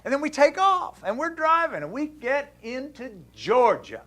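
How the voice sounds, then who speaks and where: High-voiced, lively male talk show host. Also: moderate pace. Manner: animated, acts out dialogue in the story. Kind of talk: casual storytelling to a caller.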